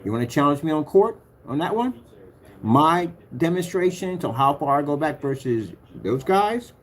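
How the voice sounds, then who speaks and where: Boastful man, lively swinging pitch, rambling vlog delivery with light background noise. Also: moderate pace. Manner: rambling, hums filler sounds, boastful, combative. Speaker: projector screen paint maker. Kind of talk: rambling screen-recording vlog.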